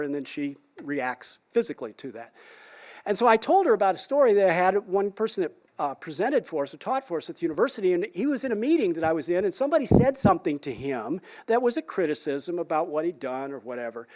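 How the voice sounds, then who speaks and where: A psychologist giving a conference talk to caregivers in a conversational way, asking the audience rhetorical questions and adding wry, down-to-earth humor. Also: male voice, sits high, a little mellow. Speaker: psychologist presenter.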